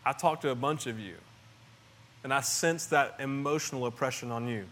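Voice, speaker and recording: A middle-aged man preaching a sermon in an earnest, conversational way, often restarting phrases and swinging between soft and loud. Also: mid-range voice, fairly even intonation, fairly quick. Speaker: pastor.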